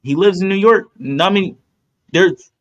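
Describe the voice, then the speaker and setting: Podcast host, male, higher voice, blunt and argumentative. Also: a little slow, muffled recording. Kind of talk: casual podcast chat.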